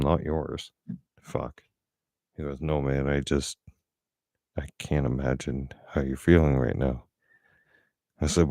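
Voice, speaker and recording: Very deep-voiced angry man. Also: animated, measured pace, long pauses, warm tone, no echo, clean studio sound. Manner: blunt, profane, angry storytelling. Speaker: vlogger. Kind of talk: casual storytelling.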